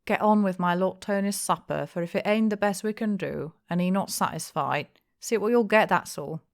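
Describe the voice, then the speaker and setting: A woman's voice: on the low side, normal speed, creaky. A woman voicing a stout, good-humoured old innkeeper who scolds his daughter in a blustering way. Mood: stern.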